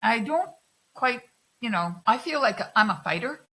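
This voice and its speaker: A middle-aged woman telling personal stories in a candid interview, animated and swearing freely as she acts out other people's lines. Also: a little high, normal speed, low-quality recording. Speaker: guest. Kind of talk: candid conversational storytelling.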